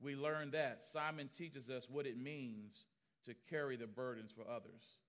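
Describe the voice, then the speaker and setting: A man preaching as pastor, telling stories animatedly and acting out the people he quotes, swinging from loud to hushed. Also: mid-range voice, steady tone, normal speed. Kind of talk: sermon storytelling.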